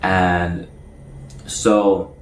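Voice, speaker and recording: A man's voice: deep voice, flat delivery, drawn-out words, echoey room, a little hiss or hum, low-quality recording. A man telling a personal story in a casual way, often stuttering and repeating his words. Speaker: storyteller recounting jail time.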